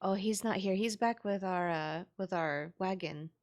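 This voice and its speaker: A woman voicing an excitable, cheerful tiefling girl who talks about herself in the third person, in an eager, bubbly manner. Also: medium pitch, measured pace, no room sound, highs cut off, voice pushed up, close to an everyday voice.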